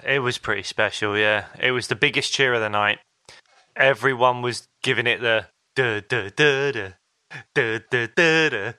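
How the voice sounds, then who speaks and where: A man's voice: mid-range voice, sharp tone, clean tone, no echo. A man co-hosting a podcast, telling stories in a chatty, casual way with fillers and quoted asides. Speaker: podcast co-host. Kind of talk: casual chat.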